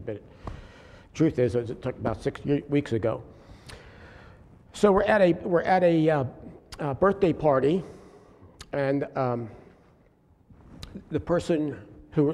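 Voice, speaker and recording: A man telling his congregation a faith story in an earnest, halting way, often restarting his sentences. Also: medium pitch, mellow. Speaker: lay preacher sharing a testimony. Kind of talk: informal church testimony. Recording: long hall reverb, faint room noise.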